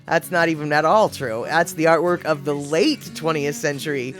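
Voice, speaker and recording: A woman's voice: low voice, moderate pace, faint music behind. A woman livestreaming, rambling casually and greeting viewers in the chat.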